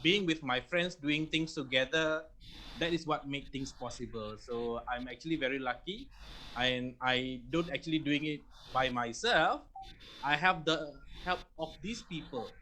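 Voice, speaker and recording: A man's voice: fairly high pitch, a little slow, pushed and bright, a little hiss or hum. A man with a Malaysian accent speaking humbly and proudly as a trainer in a casual online meeting, mixing Malay into his English.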